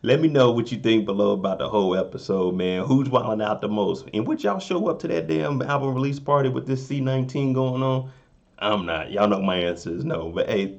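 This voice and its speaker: A young man talks through a show recap in an easy, joking tone. His voice sits at a middle pitch for a man. The recording sounds a little dull and lo-fi. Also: gravelly. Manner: laid-back, joking, keeps saying "you know what I'm saying". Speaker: recap vlogger. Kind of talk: casual recap commentary.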